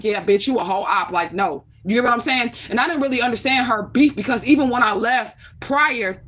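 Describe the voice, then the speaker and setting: A woman's voice: on the high side, a bit bright. A woman from St. Louis talking casually to her camera, profane and emphatic, often asking rhetorical questions. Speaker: vlogger.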